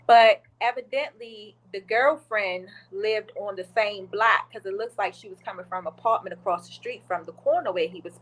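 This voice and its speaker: A woman co-hosting a podcast casually retells a video she watched, acting out what people said in a chatty, animated way. Her mid-range voice has a breathy edge, and the recording is rough.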